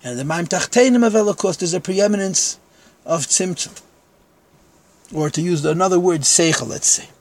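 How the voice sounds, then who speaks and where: A man's voice: high-pitched, normal speed, a little hiss or hum. A man teaching a text-study lecture in Yeshivish English, conversational, with frank self-deprecating asides.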